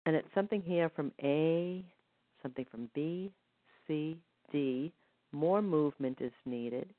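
Over a tinny phone connection with a dry sound, a woman whose voice sits low speaks a little slowly as she counts out waltz beats. Gentle and rhythmic, this energy healer is leading a guided healing session.

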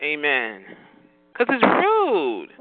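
A man's voice: fairly high pitch, huge pitch swings, extremely slow, narrow, tinny audio. A man hosting a phone chat line, scolding callers in a sassy way and calling everyone honey.

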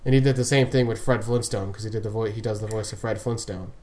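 A man's voice: on the low side, fairly even intonation, quick pace, a little mellow, a little hiss or hum. A man co-hosting a casual podcast chat, rambling and laughing often, trailing off mid-sentence. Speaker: podcast co-host. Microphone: remote call. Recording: remote call audio.

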